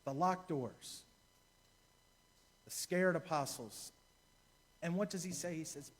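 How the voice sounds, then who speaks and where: Man, deacon, sermon, slightly high voice, storytelling, repeats phrases. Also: slow pace, long pauses. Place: church.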